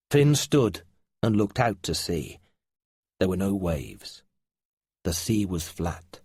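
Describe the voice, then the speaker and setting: A man narrating a story slowly and deliberately, with a lively, expressive pitch. His voice is husky and breathy, recorded very dry and close. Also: no echo. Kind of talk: slow story reading for English learners.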